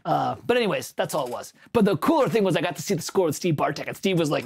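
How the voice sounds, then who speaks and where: Husky guy rambling fast on his stream, lots of restarts and side notes, reads chat as he goes. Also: fairly high pitch, animated. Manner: rambling anecdotes, self-corrections, answers chat. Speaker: composer hosting a livestream. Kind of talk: casual livestream chat.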